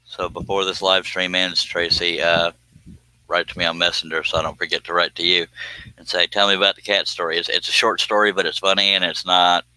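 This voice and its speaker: A man's voice: low voice, bright, forceful tone, no echo. A man hosting a woodworking live stream, chatting casually and joking as he reads viewer comments. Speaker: woodworking livestream host.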